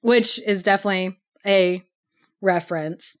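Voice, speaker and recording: A woman's voice: medium pitch, measured pace, clear, resonant tone. A woman co-hosting a podcast, casually retelling a story with lots of "like" and frequent laughter. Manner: chatty, laughs often, heavy use of "like". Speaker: podcast co-host.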